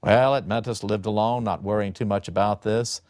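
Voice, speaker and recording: A man giving a lecture on a classic Greek play, telling the story in an animated, dramatic way. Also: fairly low pitch, normal speed, dry recording, clean studio sound.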